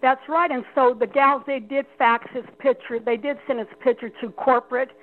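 A woman calling in to a radio show, telling a story in a chatty, rambling way with quick laughs. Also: high-pitched, steady tone. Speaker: caller. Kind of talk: phone-in radio call. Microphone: telephone. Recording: tinny phone line.

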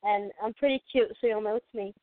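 A woman's voice: medium pitch, fairly even intonation, quick pace, no room sound. Playful woman calling in by phone. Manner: playful, self-assured, chatty. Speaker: caller. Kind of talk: casual call-in chat. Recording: tinny phone line.

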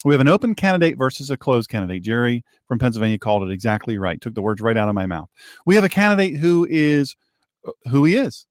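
Male political talk host, sarcastic and heated, animated pitch, dry close sound. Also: fast, dry recording. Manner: heated, sarcastic, repeats himself. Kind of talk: political commentary monologue.

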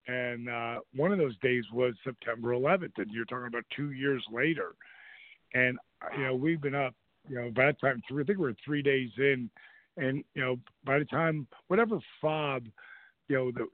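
A man's voice: mid-range voice, moderate pace, dry recording. A middle-aged man hosting a radio show, telling stories casually and animatedly, with restarts and acted-out quotes. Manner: animated anecdote-telling, acts out voices in quotes. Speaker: show host. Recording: dry, phone-like narrow sound.

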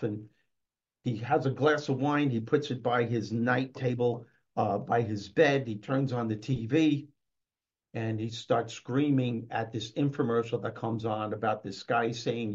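A man who is a guest on an interview show tells a story in a lively way and acts out its scenes. His voice sits at a middle pitch. The audio is dull and lo-fi. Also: a little slow. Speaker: author and motivational speaker guest.

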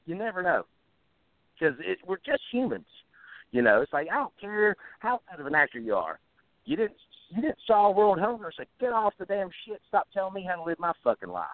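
A man with a rural Southern-style American drawl speaks in a high, sing-song voice at a slightly quick pace. He's a musician guest on a phone interview, ranting bluntly and profanely, fired up and tripping over his words with many restarts. The tinny phone line sounds dry, with no room sound.

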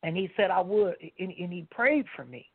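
A woman's voice: lowish voice, big pitch swings, moderate pace, breathy edge, dry recording. A woman guest on a radio talk show, earnestly telling a personal faith story and speaking straight to the listeners. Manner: earnest, storytelling, addresses listeners as you guys. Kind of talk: casual faith testimony. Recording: tinny phone-like line.

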